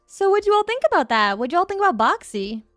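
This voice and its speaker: A woman hosting a stream in casual chat, bubbly and animated, reacting to her chat in a playful way. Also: extremely high pitch, fast talker, dry recording, studio quality, soft background music. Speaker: VTuber streamer, host.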